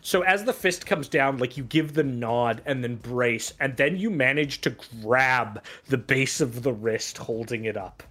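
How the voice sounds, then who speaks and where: A man's voice: medium pitch, measured pace, few pauses, sharp tone. A man narrating as game master, rambling with many fillers.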